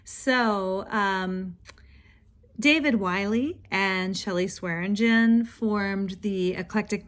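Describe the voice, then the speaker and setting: A woman hosting a book video channel, talking casually and at length in a chatty, rambling way. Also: mid-range voice. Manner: chatty, rambling, warm praise of other creators. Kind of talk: casual chat.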